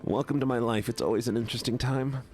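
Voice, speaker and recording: A man's voice: mid-range voice, steady tone, fast talker, darkish tone, faint music behind. A man, a streamer and voice actor, chatting casually with his viewers while playing a game. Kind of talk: casual gaming livestream chat.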